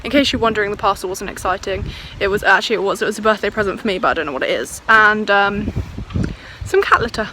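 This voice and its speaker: A young vlogger chats casually at home and in the garden, filming on a shaky handheld camera with slight background noise. Her medium-pitched voice is fast, pushed, and bright, and she's exclamatory and self-mocking.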